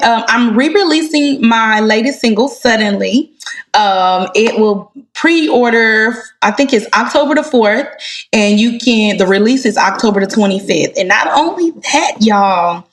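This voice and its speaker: A woman, a gospel singer, chatting as a guest and telling heartfelt stories with animated delivery. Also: mid-range voice. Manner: animated, heartfelt storyteller, addresses listeners as y'all. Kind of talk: casual interview chat.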